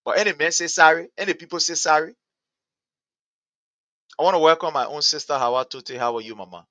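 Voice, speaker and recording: A man with a Liberian English accent delivers fired-up political commentary as a talk host, repeating his points and rising to shouts. His voice sits high and sounds bright and cutting, recorded close and dry. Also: fairly quick, no room sound. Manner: impassioned, repetitive, builds to shouting.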